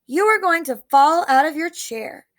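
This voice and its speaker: A woman voicing a patient, gently firm mother in a read-aloud storybook. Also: high voice, animated, normal speed, dry recording, clean studio sound. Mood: calm.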